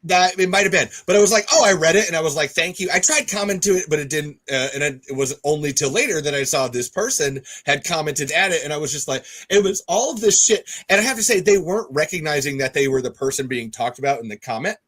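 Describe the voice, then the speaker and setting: A man hosting a casual podcast chat, excitable and sweary, his voice jumping up when he gets riled. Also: a little high, fast talker, few pauses. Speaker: podcast host.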